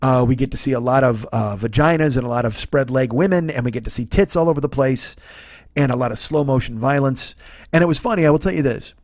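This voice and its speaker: A man's voice: mid-range voice, fast, dry recording, studio quality. Sarcastic man ranting about a movie. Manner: sarcastic, swears a lot, acts out characters' lines. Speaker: podcast host. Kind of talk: profane comedic movie rant.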